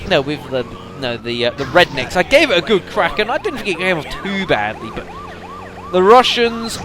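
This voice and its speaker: A man's voice: high-pitched, very animated, moderate pace. A man giving casual gameplay commentary, rambling with lots of fillers and addressing the audience as folks. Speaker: let's play commentator.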